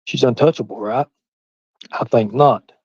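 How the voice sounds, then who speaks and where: A man's voice: medium pitch, unhurried, a little mellow, husky, no room sound, dull audio. A man with a Southern US hillbilly accent, rambling and swearing freely on a casual livestream while he reads chat aloud. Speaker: livestream host.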